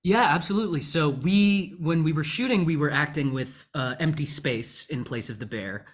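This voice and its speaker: A man's voice: a little high, normal speed. A male actor telling stories in an easygoing, jokey way during a casual interview.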